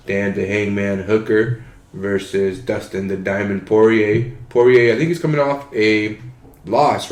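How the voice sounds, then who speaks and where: A young man co-hosting a casual podcast while watching a fight, talking loosely and swearing constantly. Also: lowish voice. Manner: profane, excitable, swears constantly. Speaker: podcast co-host. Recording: echoey room with faint ambience.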